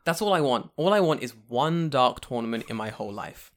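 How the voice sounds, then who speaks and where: A podcast co-host chats casually, easily worked up and swearing freely. His pitch leaps and swoops all over the place, and he often breaks into loud outbursts. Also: a little fast. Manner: excitable and profane, with loud outbursts. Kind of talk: casual chat.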